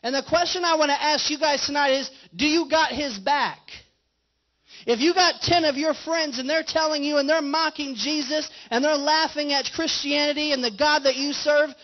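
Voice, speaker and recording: Heard through dull, lo-fi livestream audio, a male pastor delivers a conversational sermon in church at a moderate pace. His voice is very high-pitched, and he asks questions of his congregation.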